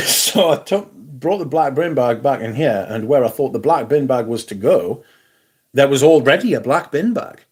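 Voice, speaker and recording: A man's voice: mid-range voice, expressive, moderate pace, a little mellow, slightly rough. A man hosting a livestream, reading viewer comments aloud in a sardonic, sweary casual chat.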